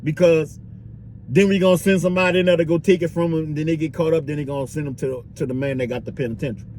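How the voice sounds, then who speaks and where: A man's voice: fairly high pitch, steady tone, fast talker, darkish tone, a little hiss or hum. A man vlogging in a loose, slangy street-talk monologue, filling it with "you dig" and "bro".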